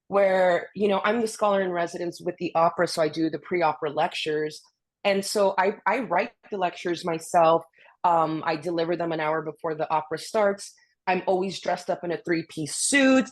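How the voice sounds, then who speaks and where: Lively low-voiced woman telling stories. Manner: animated, peppered with "you know" and restarts. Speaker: guest speaker, orchestra conductor. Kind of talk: casual storytelling on a video webinar.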